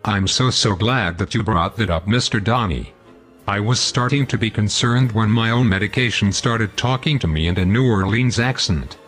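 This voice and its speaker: A man's voice: lowish voice, moderate pace, fairly bright tone, soft background music. A man hosting a scripted comedy show, pompous, long-winded and sarcastic. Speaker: host.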